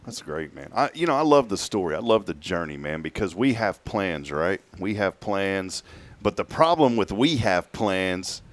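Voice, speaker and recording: A man's voice: sits low, big pitch swings, normal speed. A middle-aged man hosting a casual morning radio show, jovial and teasing his guests.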